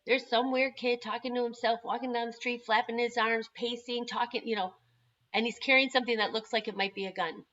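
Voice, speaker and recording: Woman, parent advocate, crisp bright tone, lively storyteller, dull lo-fi recording. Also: a little high, a little fast. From Chicago. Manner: acts out dialogue in quotes. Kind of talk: animated storytelling.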